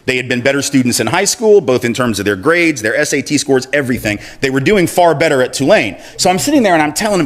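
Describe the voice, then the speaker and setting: A man's voice: mid-range voice, very animated, fast talker, few pauses. A man giving a public speech as an activist, telling a personal story in a conversational, self-deprecating way and chuckling as he acts out the voices in it. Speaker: activist speaker.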